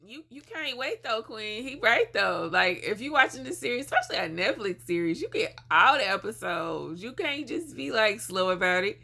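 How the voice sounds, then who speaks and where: Bright, lively woman reacting casually. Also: fairly high pitch, moderate pace, vocal fry, hardly any pauses. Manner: laid-back, chatty, side-taking with lots of fillers. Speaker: reaction video host.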